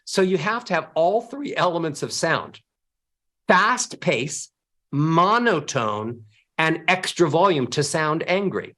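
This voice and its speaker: A man speaking as a voice coach, giving a motivational talk and acting out sad, happy and angry ways of speaking. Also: a little slow. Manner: animated, with sweeping pitch.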